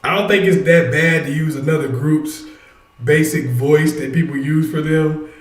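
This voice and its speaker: A man's voice: fairly high pitch, steady tone, normal speed, roomy sound. A man hosting a casual livestream, energetically urging his viewers to join in. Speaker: livestream host. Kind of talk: casual live chat with viewers.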